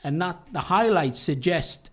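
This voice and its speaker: A man's voice: on the high side, expressive, a little slow, fairly bright tone. Rambling man debating boxing. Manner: rambling, trails off and restarts mid-thought. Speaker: boxing podcast co-host. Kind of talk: casual debate.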